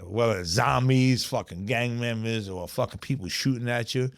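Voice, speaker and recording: With a gravelly, medium-pitched voice at a moderate pace, a middle-aged man from the South Bronx, New York, shares streetwise stories as a podcast guest. His New York accent comes through in the casual, profane chat, peppered with "you know what I'm saying."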